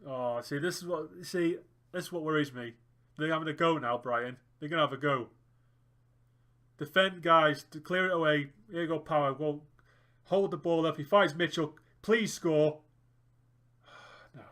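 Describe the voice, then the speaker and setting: Brief: young male gamer, bright and forceful voice, excitable running commentary. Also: on the high side, moderate pace, long pauses. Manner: excitable, groans and cheers at the match. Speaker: gaming YouTuber. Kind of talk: let's play commentary.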